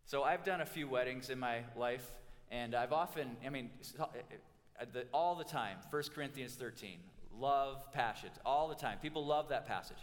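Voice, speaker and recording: A man in his forties, a pastor giving an animated sermon with humorous stories and quick restarts. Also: mid-range voice. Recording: reverberant hall.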